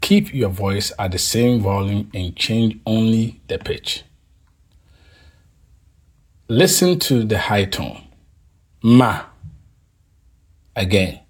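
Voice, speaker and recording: A man teaching a language lesson, drilling tones slowly and deliberately, leaving pauses for the listener to repeat after him. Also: lowish voice, lively intonation, slightly rough. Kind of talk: scripted pronunciation lesson.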